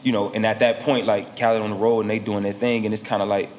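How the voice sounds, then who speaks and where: A man with a lowish voice talks through his career in an easygoing, slangy way, circling back with fillers. Faint background noise sits under the recording. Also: level tone, fast, darkish tone. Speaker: rapper guest. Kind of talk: casual interview talk.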